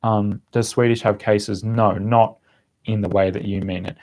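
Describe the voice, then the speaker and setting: With a fairly low, slightly mellow voice and little pitch movement, this young Australian speaks a little slowly. He runs a language-learning channel and, on a relaxed live stream, rambles through viewers' questions with many fillers and restarts.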